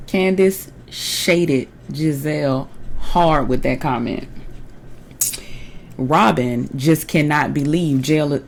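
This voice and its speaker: A woman's voice: deep voice, darkish tone, slight background noise, rough recording. A young woman casually recapping a reality show episode, chatty and opinionated, with colloquial slang.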